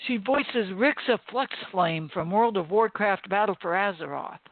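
A woman's voice: mid-range voice, lively intonation, measured pace, no room sound. A chatty woman co-host chimes in and corrects others on a casual podcast. Her voice sits close and dry. The sound is tinny, like a phone line.

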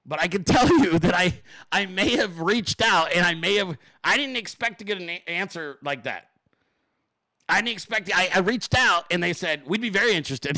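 Male show host, high lively voice, dry close sound, rambling, profane, excitable. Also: dry recording. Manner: excitable, profane, rambling with many fillers and laughs. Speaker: podcast host. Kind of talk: casual solo talk show.

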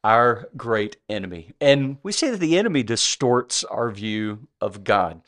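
A man's voice: medium pitch, animated, a little slow, a bit bright. A man co-hosting a Bible teaching podcast, speaking earnestly and often restarting his sentences. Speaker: podcast co-host.

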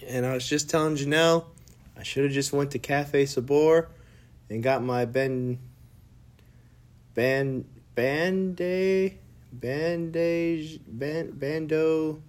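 A man's voice: fairly high pitch, slow pace. A young adult man hosting a podcast, chatting casually and acting out his own lines as he tells a story. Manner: animated storyteller, acts out his own quotes. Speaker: podcast host. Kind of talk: casual chat.

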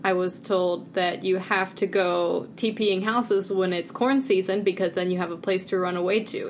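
A woman's voice: on the low side, a little hiss or hum. A woman co-hosting a podcast, leading a word game in a playful, laughing way. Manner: playful, quick to laugh, bossy game-leader tone. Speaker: podcast co-host. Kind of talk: casual chat over a word game.

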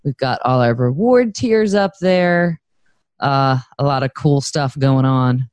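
A woman's voice: very deep voice, expressive, slow pace, darkish tone, clean tone, no room sound. A woman co-hosting a podcast in casual chat, rambling and chatty as she promotes her project. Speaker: podcast co-host.

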